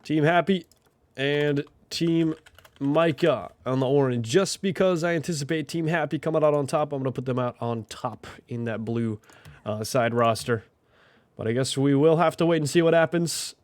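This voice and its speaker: Breathless, a tournament host with a fairly high voice and darkish tone chats casually on a game stream at a moderate pace. He thinks out loud with plenty of fillers, and there's no room sound.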